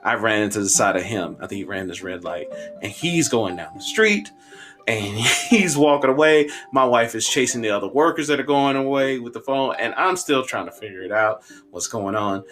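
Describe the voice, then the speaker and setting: A man in his thirties telling a funny personal story on a podcast, animated and conversational. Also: lowish voice, normal speed, faint music behind.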